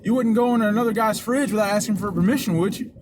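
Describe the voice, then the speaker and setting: A man putting on a gruff, indignant older gym regular with a thick Southern drawl, pitched up above his own register and pushed louder. It sounds like a territorial guy defending his machine. Heavy noise sits behind the voice throughout. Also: quick pace, natural voice. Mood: huffy. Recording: loud background noise.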